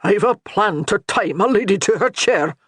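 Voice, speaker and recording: A woman voicing a grumbling, protective older male clan soldier with a gruff muttering manner. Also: mid-range voice, animated, normal speed, pitched above the performer's own voice.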